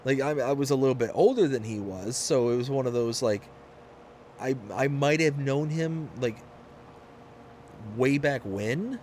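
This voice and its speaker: A man's voice: mid-range voice, unhurried, a little mellow, slight background noise. A man from Michigan hosting a live game stream, chatting casually and rambling through stories with frequent restarts. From Michigan, USA.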